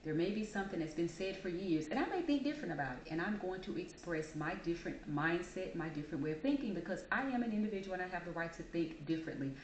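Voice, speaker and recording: Blunt, low-voiced woman vlogger. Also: lively intonation, fast talker, hardly any pauses. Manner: emphatic, opinionated and blunt. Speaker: vlogger host. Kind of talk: casual opinion monologue vlog. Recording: echoey room with faint noise.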